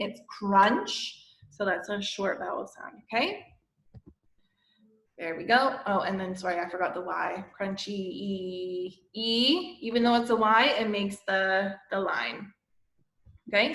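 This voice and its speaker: A woman teacher giving a lesson to young children, explaining slowly and patiently and often checking with "okay?". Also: mid-range voice, pushed and bright, slight background noise. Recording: echoey room.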